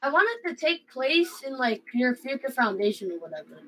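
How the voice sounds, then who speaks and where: A woman's voice: high-pitched, big pitch swings, normal speed, pushed and bright, slightly rough, rough recording. A woman playing in a game roleplay, chatting casually and repeating words as she hesitates. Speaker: roleplay player.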